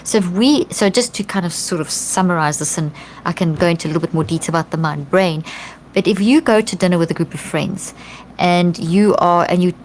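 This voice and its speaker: Middle-aged woman guest, earnest and animated, kinda low voice, bit of background hiss. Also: a little fast. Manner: earnest, animated, with frequent restarts and acted-out quotes. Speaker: podcast guest. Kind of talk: conversational explanation.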